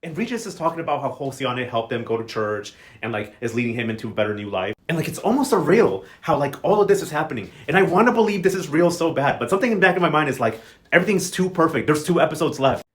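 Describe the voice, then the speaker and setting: Sassy young guy dishing on a soap, talks super fast, voice sits kinda high. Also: animated. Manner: sassy, gossipy, quick to mimic characters in brief quotes. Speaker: novela recap vlogger. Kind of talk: casual chatty recap.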